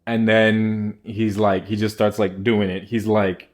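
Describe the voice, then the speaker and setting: A man's voice: on the low side, flat delivery, a little slow, a little mellow. A young man telling a rambling casual story, packed with filler words.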